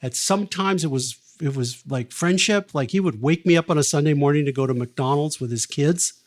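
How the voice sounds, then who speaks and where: In a podcast interview, an older record producer spins long anecdotes at normal speed in a slightly high voice. His storytelling is lively, full of fillers and restarts, and he performs the quoted lines.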